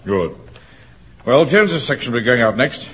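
A man's voice: mid-range voice, lively intonation, normal speed, fairly bright tone, husky. An actor playing a pompous middle-aged captain who lectures and commands his men in a radio sitcom. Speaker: officer. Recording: dull lo-fi radio recording.

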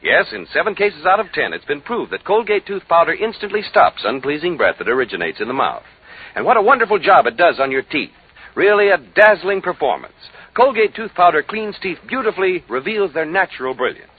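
A radio ad announcer with a high, husky, lively voice, selling smoothly. The sound is thin and scratchy, like an old broadcast. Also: male voice, fairly quick, phone-quality sound. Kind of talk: scripted radio commercial.

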